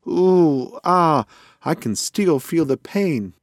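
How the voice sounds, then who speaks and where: A man voicing a boastful, joking male pigeon who talks in loud, high, theatrical bursts. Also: expressive, slow, no echo, clean studio sound.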